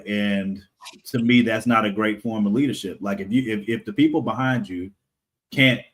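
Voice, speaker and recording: A man with a fairly low voice chats loosely as a guest on a podcast. He stops and restarts with plenty of fillers and laughs often as he talks. He is from the United States. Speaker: podcast guest, comic creator. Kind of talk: casual interview conversation.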